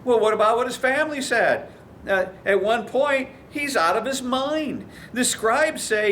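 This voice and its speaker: A man's voice: very high-pitched, animated, measured pace, fairly bright tone, a little hiss or hum. A man preaching a sermon as a pastor, telling stories and acting out the quoted voices. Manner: storytelling, acts out quoted voices.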